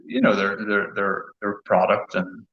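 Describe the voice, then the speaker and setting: Halting man from Donegal, echoey call. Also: fairly low pitch, flat delivery, dull audio, slight background noise. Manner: halting, repeats words. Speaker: distiller. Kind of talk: casual online chat. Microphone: online call.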